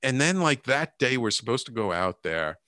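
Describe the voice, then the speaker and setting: A man's voice: moderate pace, dry recording. A middle-aged man talks through a personal story at an easy conversational pace. His voice lifts sharply whenever he acts out what someone said. The sound is close and dry. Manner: animated, acts out quotes with rising pitch. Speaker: podcast guest, healer and coach. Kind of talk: casual storytelling.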